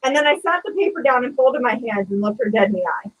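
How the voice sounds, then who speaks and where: A woman co-hosting a casual podcast, telling a sarcastic retail story in a lively, chatty way. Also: fairly high pitch, fast talker, poor audio. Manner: animated, sarcastic retelling of a retail customer. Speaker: podcast co-host.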